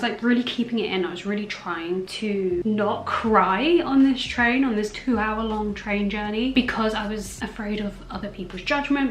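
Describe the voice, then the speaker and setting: A woman talking casually to camera at home, chatty and earnest, rambling and correcting herself as she encourages viewers. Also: mid-range voice. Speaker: self-acceptance content creator. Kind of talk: casual vlog talk. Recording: echoey room.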